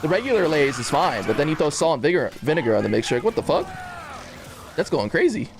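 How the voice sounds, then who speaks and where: A young man chats loosely while streaming a game, joking crudely and breaking into laughs. His voice sits a bit high and leaps around in pitch. A faint hiss runs underneath. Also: sing-song, quick pace. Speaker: gaming streamer. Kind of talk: casual live-stream chat.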